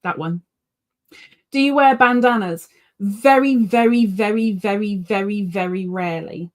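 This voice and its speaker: A woman's voice: medium pitch, unhurried. A British woman hosting a casual live yarn stream, chatty and rambling, full of fillers and restarts, cooing now and then at her pet. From Britain. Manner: coos baby-talk at her pet. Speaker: yarn channel host.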